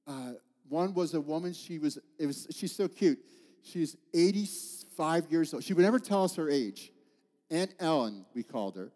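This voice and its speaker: A man's voice: fairly high pitch, expressive, moderate pace, a little mellow, big-room sound. A man in his fifties preaching a heartfelt sermon in church, telling stories and calling out to the congregation. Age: 50s. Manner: heartfelt storytelling with call-outs to the congregation. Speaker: pastor.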